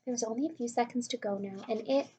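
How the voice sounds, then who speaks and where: A woman reading a children's book aloud in an unhurried, lightly expressive way. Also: fairly high pitch, breathy edge. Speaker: reader. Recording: muffled lo-fi recording.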